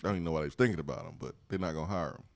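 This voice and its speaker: On a sports radio show, a male co-host with a low voice talks at a racing pace in casual sports chat. He's playful, laughs often, and keeps repeating catchphrases, and the recording has no echo.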